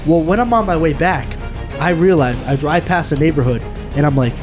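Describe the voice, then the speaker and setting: A young man, a podcast co-host, telling a story in casual chat, animated, swearing and acting out quotes. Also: on the high side, brisk, over music.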